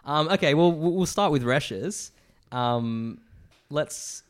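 A man's voice: a little high, expressive, slow, a crowd in the background. A man co-hosting a casual podcast chat, reading reviews aloud and laughing along. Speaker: podcast co-host.

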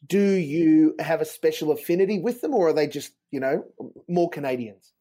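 A man interviewing a guest in a relaxed chat, asking curious, easygoing questions. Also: fairly high pitch, normal speed.

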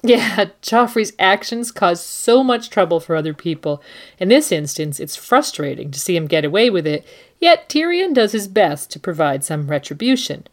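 A woman's voice: mid-range voice, very animated, moderate pace. A woman co-hosting a book and TV discussion, giving critical, analytical commentary. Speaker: co-host.

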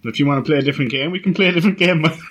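A man's voice: fairly high pitch, racing, a bit bright, muffled recording. A man co-hosting a casual podcast chat, laughing often and swearing as he tells anecdotes. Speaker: podcast co-host.

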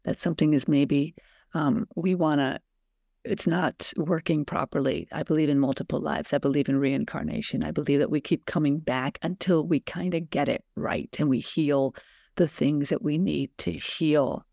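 A woman's voice: low voice, fairly even intonation, moderate pace, gravelly, mellow, no echo, studio quality. A woman hosting a reflective solo podcast, reading aloud and musing earnestly, posing questions to her listeners. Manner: earnest, conversational, poses rhetorical questions to listeners. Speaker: podcast host.

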